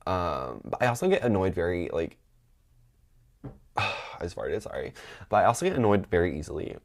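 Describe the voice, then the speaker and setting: Chatty young man, very low voice. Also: big pitch swings, normal speed, gravelly. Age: 20s. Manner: chatty, filler-heavy, gossipy asides. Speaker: podcast host. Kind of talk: casual storytelling.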